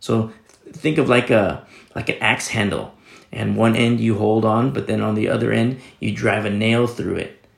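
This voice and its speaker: A man's voice: fairly low pitch, fairly even intonation, moderate pace, vocal fry, echoey room. A man pastor giving a conversational Bible teaching sermon, rambling with many restarts and sudden emphatic rises.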